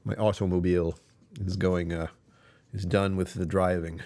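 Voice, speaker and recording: A man hosting a casual livestream, rambling and self-deprecating as he chats with viewers and chuckles often. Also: moderate pace. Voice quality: deep voice that sometimes drops even lower. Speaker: live streamer hosting his channel.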